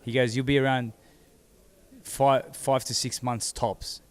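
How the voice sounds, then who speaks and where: A man, seated as an interview guest, telling his own story in a halting way that repeats words as he goes. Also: mid-range voice, level tone. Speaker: interview guest, former boxing champion. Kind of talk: candid personal storytelling.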